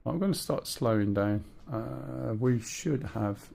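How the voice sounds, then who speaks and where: A man's voice: mid-range voice, slow, vocal fry, warm tone. A man streaming a flight sim, chatting with opinions and explaining his helicopter controls step by step. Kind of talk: live gameplay commentary.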